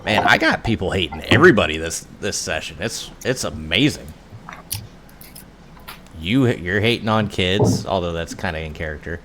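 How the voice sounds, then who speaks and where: A man's voice: low-pitched, lively intonation, moderate pace, background noise. A man as game master, chatting casually and laughing easily while running a tabletop session from home. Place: home room.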